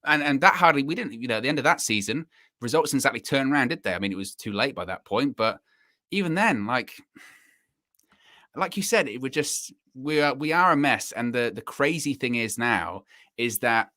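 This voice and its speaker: Guy with a sharp bright voice, dry mic, thoughtful in a casual fan chat. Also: medium pitch, lively intonation, a little fast, no echo. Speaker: co-host of a fan channel.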